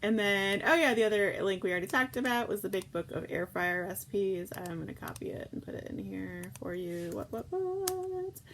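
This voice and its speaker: A woman hosts a relaxed morning livestream, rambling and effusive as she reads viewer comments aloud. Her mid-pitched voice has a gravelly fry. Faint noise sits under the recording. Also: brisk, hardly any pauses, low-quality recording. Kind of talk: casual chat reading viewer comments.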